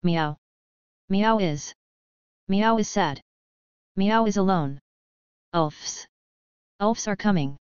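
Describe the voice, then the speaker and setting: A woman's voice: medium pitch, slow pace, long pauses, darkish tone, clear, resonant tone, no echo, lightly acted. Female reader as a small black cat creature, third-person baby talk, dull lo-fi audio. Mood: sad. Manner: talks of itself in third person, broken speech.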